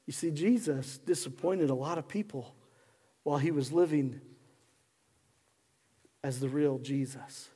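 A man preaching a sermon as pastor, moving between hushed, slow passages and loud, fiery ones. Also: a little high, slightly rough. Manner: impassioned preacher, swings from hushed to shouting. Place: church sanctuary. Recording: long hall reverb.

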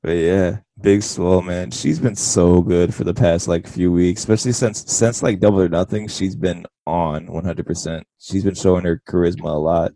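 Deep gravelly man in casual podcast chat. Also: steady tone, normal speed, few pauses, dark tone, dry recording. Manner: laughs often, acts out wrestlers' lines. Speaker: podcast co-host.

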